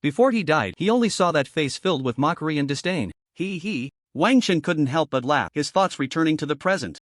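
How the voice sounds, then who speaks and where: A man narrates a story recap from a script, keeping an even storytelling cadence. His voice sits somewhat high and moves a lot in pitch. The recording is close and dry. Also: a little fast, dry recording.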